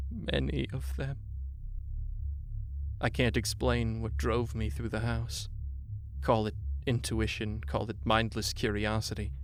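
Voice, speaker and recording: A man narrating a horror story in a measured way, slowing down on grim details. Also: on the low side, slight background noise.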